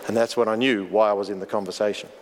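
A man's voice: fairly low pitch, fairly even intonation, fast, slight background noise. A man preaching a sermon as pastor, earnest and storytelling, often repeating words as he goes. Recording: long hall reverb.

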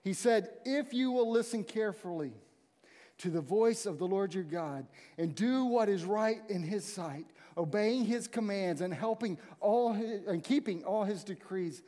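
A man preaching a conversational sermon and acting out the people in the story. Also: high voice. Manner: conversational, animated storytelling with acted-out quotes. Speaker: pastor. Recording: long hall reverb.

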